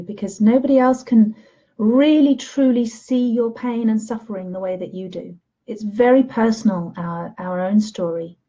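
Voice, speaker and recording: A woman teacher leading a guided self-love session in a slow, soothing, gentle way. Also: medium pitch, husky, dull audio. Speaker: spiritual teacher.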